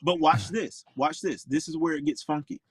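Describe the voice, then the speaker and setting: A man's voice: fairly high pitch, normal speed, husky, dry recording. A man in his forties from Florida, a pro golfer guest, telling stories in an outspoken, emphatic way. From Orlando, Florida. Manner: outspoken, emphatic, animated storyteller. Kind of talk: interview storytelling.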